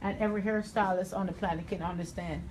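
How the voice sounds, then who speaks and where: A woman's voice: on the low side, fairly even intonation, fast talker, darkish tone, slight background noise, low-quality recording. A woman with a Jamaican accent, hosting a chatty live hair tutorial and calling viewers honey. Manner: sassy, calls listeners honey. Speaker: hairstylist host.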